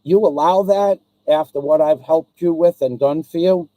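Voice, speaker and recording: A man's voice: a little high, moderate pace, dry recording, highs cut off. A man hosting his own live stream, speaking directly to a viewer in an aggrieved, repetitive way, with frequent ums and restarts. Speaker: livestream host.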